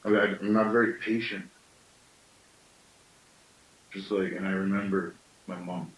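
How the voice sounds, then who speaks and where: Storyteller, male, late thirties, slightly deep, musing teaching talk, recorded far off in an echoing room. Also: flat delivery, measured pace, long pauses. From Canada. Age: late 30s. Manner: thoughtful, with self-questioning asides.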